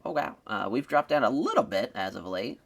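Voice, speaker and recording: A man's voice: brisk, gravelly, husky. A man hosting a wrestling-sim let's-play channel, giving casual, rambling commentary on his game. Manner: rambling and conversational, with lively swings in pitch.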